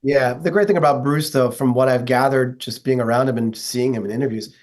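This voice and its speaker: A man's voice: mid-range voice, fairly even intonation, a little fast, darkish tone. A man from the northeastern United States, a guest telling stories in an earnest, enthusiastic way during a casual interview. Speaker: guest, metal vocalist.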